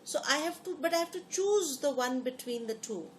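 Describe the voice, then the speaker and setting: A woman's voice: high-pitched, animated, a little fast, slight background noise. A woman teaching a lesson. She often repeats phrases and puts questions to her students. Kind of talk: lecture explaining to students.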